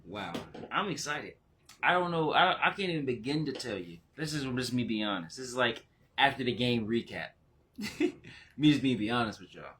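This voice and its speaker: A man talking casually as a spiritual teacher. He gets excited, laughs, and jumps into high exclamations, then slows and goes quiet when he turns reflective. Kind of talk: casual spiritual vlog talk.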